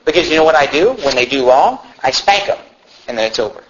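A man preaching a sermon in an animated way, now and then shouting mocking impressions. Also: mid-range voice, quick pace, highs cut off, a little hiss or hum. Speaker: pastor.

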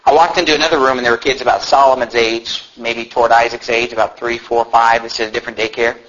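A man's voice: mid-range voice, flat delivery, fast, fairly bright tone, a little hiss or hum. A man preaching a sermon, telling a story in an earnest, conversational way, often restarting and adding asides. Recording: muffled lo-fi recording.

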